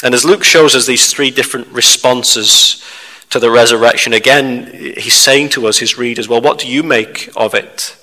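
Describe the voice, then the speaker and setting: A man preaching a sermon, measured and steady, putting questions to the listeners. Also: mid-range voice. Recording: reverberant hall.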